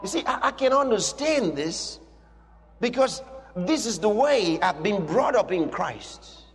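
A man preaches a sermon in a very high, lively voice, hammering home short emphatic declarations. His voice carries a long hall reverb, with soft music underneath. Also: unhurried.

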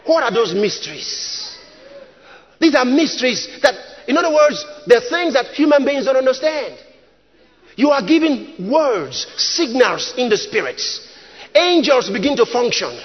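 High-voiced, emphatic preacher man in a reverberant hall. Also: big pitch swings, unhurried, dull audio. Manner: emphatic, dramatic preaching with shouted peaks and repeated lines. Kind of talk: sermon.

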